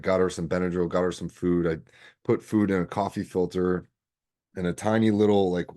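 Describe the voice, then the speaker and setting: Low and darkish in tone, this man's voice carries his solo podcast. He's in his thirties and rambles casually through his stories, leaning on fillers as he goes.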